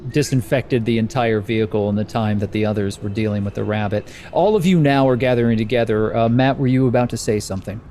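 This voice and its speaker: A man narrating a tabletop horror game as game master, describing scenes calmly and evenly. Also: fairly low pitch, slight background noise. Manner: calm, measured scene narration.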